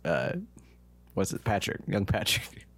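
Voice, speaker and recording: A low-voiced man talking loosely on a podcast, laughing often and quick to correct himself. His voice sits close and dry, with no room sound around it. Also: expressive, gravelly, fairly bright tone, no echo. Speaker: podcast co-host. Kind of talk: casual chat.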